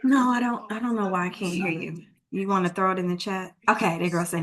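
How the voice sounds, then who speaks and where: A woman's voice: mid-range voice, fairly even intonation, fairly quick. A woman with a Texan accent, a real estate broker teaching a live online homebuyer class in a chatty, informal way over a computer mic. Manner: chatty and informal, thinks aloud while fixing tech. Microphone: computer mic on a video call.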